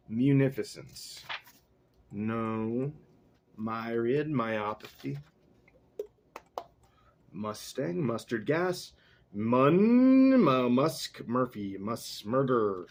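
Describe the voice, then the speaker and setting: A man's voice: medium pitch, a little hiss or hum. A man casually reading a book aloud, breaking off into rambling, self-mocking asides. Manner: slow, lively reading voice.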